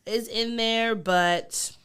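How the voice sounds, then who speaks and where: A woman co-hosting a podcast, talking candidly in casual chat and getting animated when she teases her co-host. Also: on the high side, very slow, smooth.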